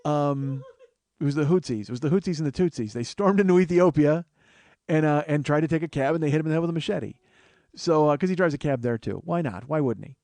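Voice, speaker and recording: A man tells a story with comic, profane bite and animated delivery. His voice sits a little high and dry, close to the mic. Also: no room sound. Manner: animated, profane, self-mocking. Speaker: comedian host. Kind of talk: comedic storytelling monologue.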